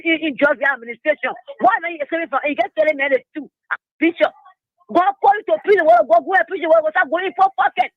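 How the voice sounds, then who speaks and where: A woman's voice: high-pitched, no room sound. A woman calling in to a radio show, scolding and preaching with passion. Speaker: caller. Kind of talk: call-in rant. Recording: muffled phone line.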